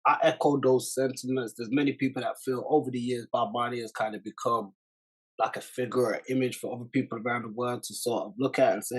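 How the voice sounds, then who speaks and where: A man hosting a podcast, talking through a clip in a measured, reflective way and addressing his viewers directly. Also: medium pitch, fairly even intonation, breathy edge, rough recording. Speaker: podcast host reacting to a clip. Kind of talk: casual commentary.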